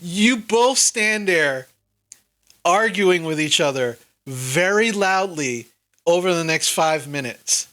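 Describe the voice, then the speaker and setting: A woman's voice: on the low side, animated, fairly bright tone. A woman narrating as game master of a tabletop game, casual and laughing often. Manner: laughing, quick, loose narration.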